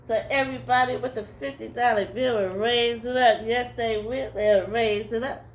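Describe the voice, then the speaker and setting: A woman's voice: on the high side, fairly even intonation. A middle-aged woman telling a comic story, answering herself with little affirmations as she goes. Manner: slow drawl, answering herself with "yes, it is" and "mm-hmm".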